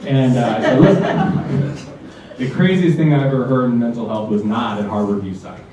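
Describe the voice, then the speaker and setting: At a live show, a man with a medium-pitched voice performs stand-up at a moderate pace, telling a story and acting out its characters with quoted lines. The recording is distant, echoey, and dull, with background noise and audience laughter.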